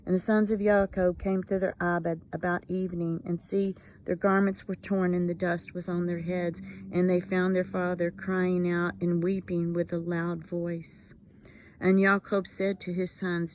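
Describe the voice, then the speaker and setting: A woman reads scripture aloud in a low, even voice that stays close to one pitch. She gives the quoted speech earnest, dramatic weight. Faint crickets and insects chirp in the background. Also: moderate pace, a little hiss or hum, low-quality recording. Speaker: scripture reader. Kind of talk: reading aloud from a religious text.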